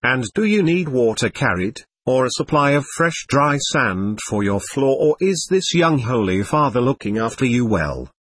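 A man voicing a loud, boisterous male trader who bellows and booms in a storybook reading. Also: sing-song, normal speed, few pauses, slightly rough, no room sound. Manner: bellowing, booming.

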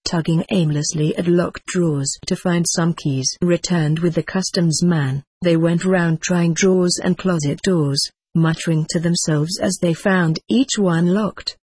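An audiobook narrator reading a story in a steady, even way. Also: mid-range voice, measured pace, few pauses, breathy edge, dry recording.

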